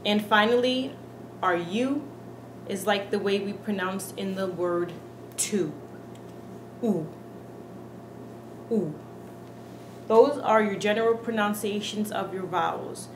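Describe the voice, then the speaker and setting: A woman giving a casual pronunciation lesson, speaking earnestly and slowly repeating each sound to demonstrate it. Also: mid-range voice. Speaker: Spanish pronunciation teacher. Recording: echoey room with faint background hiss.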